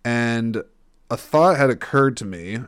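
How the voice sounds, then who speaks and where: A man's voice: mid-range voice, lively intonation, takes it slowly, clean tone, no room sound, studio quality. A man hosting a solo podcast, rambling and thinking aloud, often stopping and restarting. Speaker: podcast host. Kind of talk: casual solo podcast talk.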